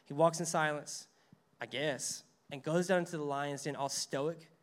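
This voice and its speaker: A man's voice: on the high side, fairly even intonation, unhurried. A man preaching a sermon in a casual, conversational way, reading verses aloud and acting out the lines of the story. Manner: conversational preaching, reads scripture aloud, acts out quotes. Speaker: pastor.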